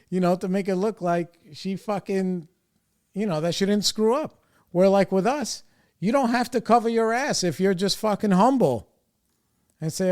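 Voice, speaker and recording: Profane, animated young man telling a story. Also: high-pitched, moderate pace. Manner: profane, animated, exasperated retelling. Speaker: podcast host. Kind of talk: casual storytelling chat.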